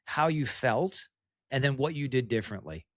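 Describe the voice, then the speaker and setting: A man's voice: medium pitch, expressive, normal speed, no room sound. A man hosting as a coach, asking searching questions and restarting them as he goes. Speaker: host, coach. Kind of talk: interview questions.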